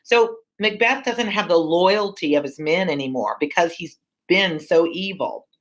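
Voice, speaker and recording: A woman teacher talking to her class during a read-along lesson. Her voice sits slightly low, and she explains the story plainly and checks in with questions. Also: expressive, a little slow.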